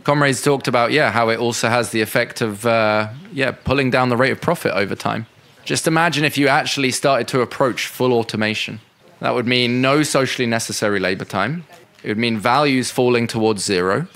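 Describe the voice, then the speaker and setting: A man's voice: medium pitch, a little fast, a bit bright. Male speaker, unscripted, conversational, fillers and restarts, mid-range voice. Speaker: speaker at a political education session. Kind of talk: unscripted talk answering questions.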